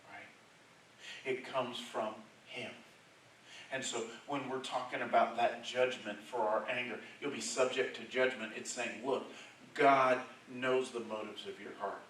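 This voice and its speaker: A man preaching a sermon as pastor, conversational, checking in with "right?", and swelling to loud emphatic passages. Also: medium pitch. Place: church sanctuary. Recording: very echoey church hall, mic far off, faint hiss.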